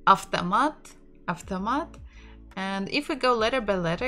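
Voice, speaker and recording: A woman's voice: mid-range voice, animated, normal speed, pushed and bright, faint music behind. A woman from Russia, a native Russian speaker with a Russian accent, teaching a casual online language lesson, repeating words aloud and laughing lightly as she goes.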